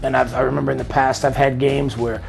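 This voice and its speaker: Gravelly middle-aged man telling stories. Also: medium pitch, fast, soft background music. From Miami. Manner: animated storytelling, laughing easily. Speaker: guest. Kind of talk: casual interview chat.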